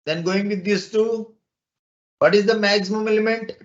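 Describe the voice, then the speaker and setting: A man's voice: high voice, fairly even intonation, normal speed, dull audio. A man teaching an online class, explaining step by step and asking rhetorical questions.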